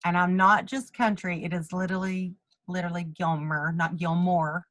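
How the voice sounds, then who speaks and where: A woman's voice: lowish voice, fairly even intonation, a little fast, a bit bright. A woman from East Texas in a casual group chat, playful and hesitant as she thinks aloud.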